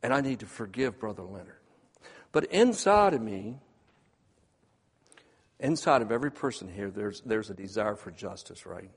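A man preaching a sermon, swinging between hushed, quiet passages and loud, emphatic ones. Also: lowish voice, lively intonation, moderate pace, pauses often, slightly rough, long reverb tail.

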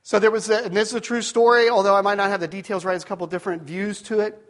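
A man in his fifties preaches with a higher-pitched voice. He tells a story with self-deprecating asides, swinging between shouted peaks and hushed, nearly whispered moments. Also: very fast. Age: 50s. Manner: animated storytelling, rising to shouts at peaks, dropping to near-whispers. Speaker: pastor. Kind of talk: sermon.

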